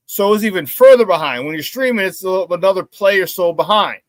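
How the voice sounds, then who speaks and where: A man hosting a casual sports talk show, telling stories excitedly with many restarts and repeated words. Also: sits high, fast, no room sound.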